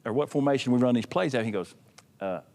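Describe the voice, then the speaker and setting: A man's voice: mid-range voice, fast talker. A former college football offensive lineman telling funny stories about his old coach at a players' reunion. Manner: animated, laughing anecdotes. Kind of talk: casual reunion storytelling.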